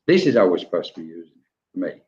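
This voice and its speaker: A man's voice: deep voice, very animated, quick pace, darkish tone, dull audio. A man co-hosting a live online spiritual discussion over a video call, talking in a rambling, reflective way with frequent restarts. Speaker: co-host of a spiritual talk.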